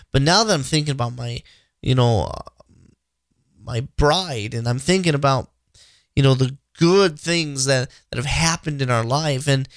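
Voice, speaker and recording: A man's voice: medium pitch, no room sound. Male podcast host, 30s, earnest devotional talk, stammers and restarts, dry close sound. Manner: earnest, repetitive, frequent restarts. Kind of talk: inspirational faith talk.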